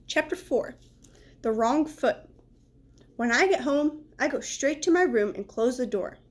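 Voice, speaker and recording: Woman storyteller, children's book read-aloud, fairly high voice, points out the pictures. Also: darkish tone. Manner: pauses to describe the pictures.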